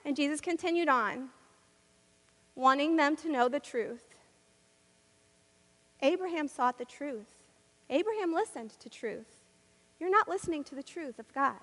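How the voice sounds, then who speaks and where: A woman's voice: high voice, expressive, measured pace, pauses often, fairly bright tone, big-room sound. A woman preaching a sermon in a church, with rhythmic, repetitive and emphatic delivery.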